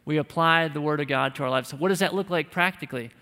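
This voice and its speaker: A man's voice: on the high side, quick pace, sharp tone. Male preacher in a reverberant hall. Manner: emphatic, conversational, with light humor. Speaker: pastor. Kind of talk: sermon.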